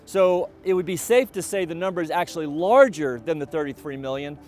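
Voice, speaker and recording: A middle-aged man giving a college president's video update, speaking in a measured, deliberate way with frequent fillers and restarts. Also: on the high side, a little mellow, faint music behind.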